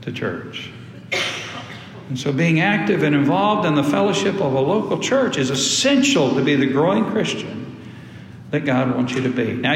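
A man preaching a sermon to his congregation, emphatic and repeating key phrases. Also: on the high side. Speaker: pastor. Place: church sanctuary. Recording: echoey hall.

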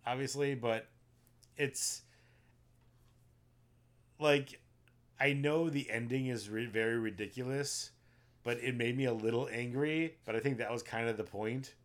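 A man's voice: mid-range voice, steady tone, a little slow, pauses often. Rambling man recapping movies on a podcast. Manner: rambling, filler-heavy retelling. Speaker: podcast co-host. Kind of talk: casual chat about movies.

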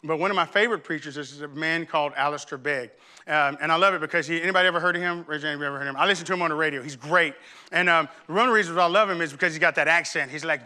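A male pastor preaching in a playful, comic storytelling way. His voice sits high and sounds very bright and cutting, breaking into loud bursts. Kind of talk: comic sermon.

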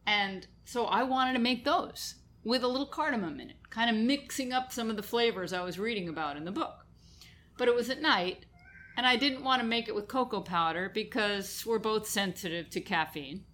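Female co-host, mid-pitched, relaxed and chatty. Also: moderate pace. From New York. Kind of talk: casual chat.

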